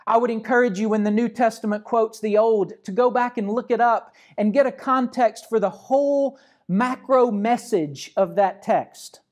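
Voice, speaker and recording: A man from Arkansas, a pastor, giving a measured, reflective sermon and patiently explaining scripture. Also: high voice, a little mellow.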